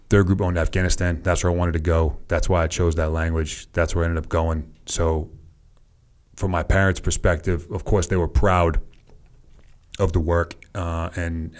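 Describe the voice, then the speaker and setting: A man in his thirties with a Boston accent, a former soldier telling relaxed, self-deprecating stories as a podcast guest. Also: deep voice. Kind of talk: casual storytelling interview.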